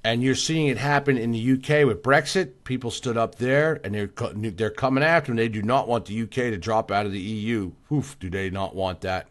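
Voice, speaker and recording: A man's voice: medium pitch, a little fast, hardly any pauses. A tired man hosting a casual livestream, answering viewer comments by name in an emphatic, repetitive way and yawning now and then. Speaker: livestream host.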